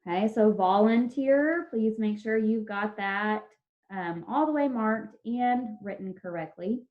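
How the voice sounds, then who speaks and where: A woman teacher giving an online spelling lesson over a video call, dictating words slowly and drawn out, patient and encouraging with her class. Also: mid-range voice. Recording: dull lo-fi video call audio.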